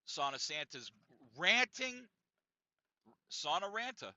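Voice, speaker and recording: A man's voice: fairly high pitch, a little slow, pauses often, no echo. A man hosting a podcast, telling a story casually with lots of profanity and laughter, on a dull, lo-fi, dry recording. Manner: animated, profane, laughing often. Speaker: podcast host.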